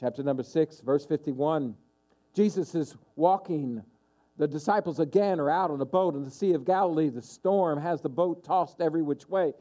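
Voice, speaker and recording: A man's voice: on the high side, moderate pace, warm tone. A man preaching a sermon as pastor, emphatic and repeating his key questions for stress.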